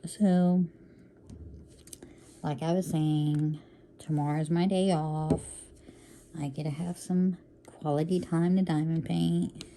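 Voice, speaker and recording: A woman with a low, gravelly voice chats at an unhurried pace while she works on a craft project. She keeps calling her viewers y'all, drops in quick apologies and mutters to herself as she works. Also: steady tone, dark tone, slight background noise. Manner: chatty, calls viewers y'all, apologetic asides; talks to herself while working. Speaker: crafting vlogger. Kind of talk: casual chat while diamond painting.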